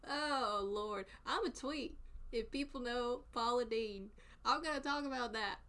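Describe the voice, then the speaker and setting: A woman's voice: on the high side, a little slow, pushed and bright. A young woman with a Southern US accent, chatting casually with her live stream chat, playful and often laughing.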